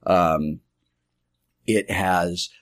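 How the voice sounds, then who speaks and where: A man's voice: sits low, fairly even intonation, very slow, no room sound, studio quality. A man, a game master, casually telling a story from his tabletop game in a rambling way, full of fillers and restarts.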